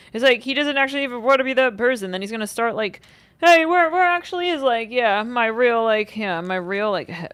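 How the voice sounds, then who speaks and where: A young woman reads tarot on a casual livestream, her pitch leaping up and down as she rants. She fills her talk with "like", swears freely and breaks into sudden exclamations. The sound is close and dry, with no room around it. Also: no echo. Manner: animated, swearing, many likes, sudden outbursts. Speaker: tarot reader.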